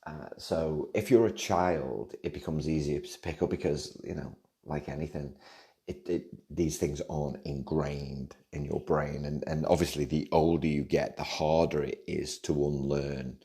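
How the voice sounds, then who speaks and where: A middle-aged Liverpool man hosting a podcast, with a very deep, dark and mellow voice. He answers listener questions in a loose, chatty way. He drifts off topic and breaks off mid-sentence before picking the thread back up. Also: fairly even intonation, measured pace. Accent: Liverpool English. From England, Liverpool area. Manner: rambling, digressive, self-interrupting. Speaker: podcast host.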